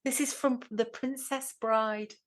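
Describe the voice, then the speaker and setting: A woman's voice: fairly high pitch, fairly even intonation, takes it slowly, poor audio. A woman, a nurse, co-hosting a podcast in an earnest, conversational manner. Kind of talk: casual chat.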